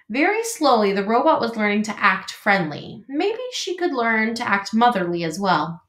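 A woman teacher reading a children's novel aloud in an expressive, animated way. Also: a little high, moderate pace. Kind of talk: storybook read-aloud. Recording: roomy echo.

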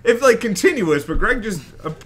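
Male co-host from North Carolina, playful banter, higher bright voice. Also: big pitch swings, normal speed, a little hiss or hum. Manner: joking, laughs often, playful banter. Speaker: stream commentator. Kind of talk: casual chat between matches.

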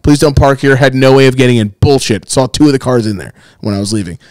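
A man co-hosting a casual podcast, telling animated, profanity-laced stories. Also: mid-range voice, quick pace, no echo. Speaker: podcast co-host.

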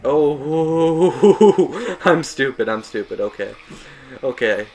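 Slow-talking man rambling over gameplay. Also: mid-range voice, expressive, music in the background. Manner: rambling, self-mocking, chuckling. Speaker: gameplay commentator. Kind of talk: casual let's-play commentary.

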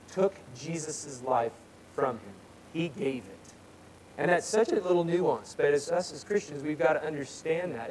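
Pastor, male, slightly high voice, casual sermon delivery that builds on readings, faint room hiss. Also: low-quality recording. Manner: conversational preaching, swelling louder on scripture. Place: church sanctuary.

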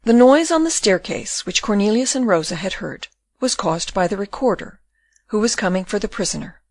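Reading a classic novel aloud for an audiobook, this female narrator sounds measured and expressive. She has a mid-range voice, captured with no echo.

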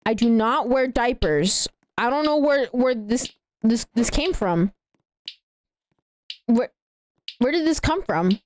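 A young woman in her late teens with a girlish, childlike voice, chatting excitedly and giggling as she streams a game and thanks donors. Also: fairly high pitch, slow pace, pauses often, slight background noise. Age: young adult. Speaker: live streamer. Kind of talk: casual livestream gaming chatter.

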